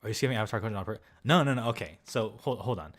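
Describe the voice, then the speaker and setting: A man's voice: on the low side, lively intonation, very fast. A young man reviewing films in a casual, rambling way, peppered with filler words and swearing while he answers viewers. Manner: rambling and loose, heavy use of filler words, swears freely. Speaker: film vlogger.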